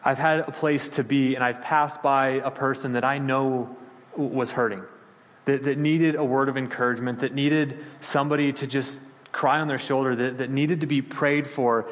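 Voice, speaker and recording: A male pastor preaching a sermon, animated and storytelling, acting out the voices of the people he quotes. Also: moderate pace, long reverb tail, highs cut off. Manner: animated, acts out quoted voices with sudden pitch jumps.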